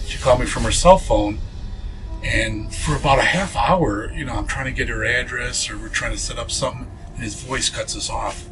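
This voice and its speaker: A man's voice: medium pitch, moderate pace, noisy background. A man being interviewed as a paranormal investigator, telling a ghost story earnestly, with many fillers and restarts.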